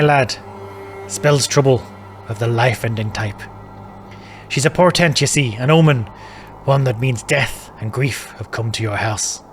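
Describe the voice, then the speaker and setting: A man's voice: medium pitch, a bit bright, natural voice. An actor playing a plainspoken male druid in a video game, wry and matter-of-fact. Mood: ominous. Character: plainspoken middle-aged male Irish druid hotel guest.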